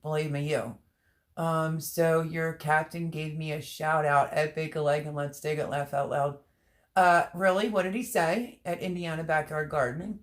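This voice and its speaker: A woman's voice: low voice, steady tone, normal speed. A woman hosting a casual livestream, reading out chat comments, teary and laughing through her words. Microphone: webcam or phone on a stream.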